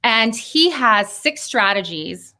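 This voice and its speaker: A woman's voice: fairly high pitch, slow pace. Woman coaching on a video call. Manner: lively, coaching, laughs often; talks of thousands of hours on video calls. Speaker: speaker on persuasion. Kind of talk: virtual workshop talk.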